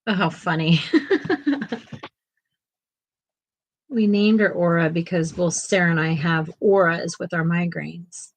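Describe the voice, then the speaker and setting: A woman's voice: lowish voice, fairly even intonation, normal speed, hardly any pauses, poor audio. A woman co-hosting an art channel, chatting casually at home, out of breath and exclaiming. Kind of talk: casual chat.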